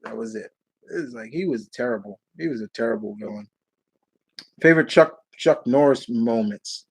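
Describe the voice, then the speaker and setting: A man's voice: mid-range voice, normal speed, husky, low-quality recording. A man hosting a live Q&A stream, answering viewer questions in a rambling, casual way and laughing as he retells movie scenes.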